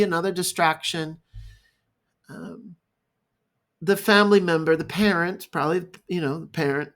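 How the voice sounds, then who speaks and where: A male therapist speaking in a reflective, halting monologue, improvising as he goes. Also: fairly high pitch, a bit bright. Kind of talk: unscripted talking-head monologue.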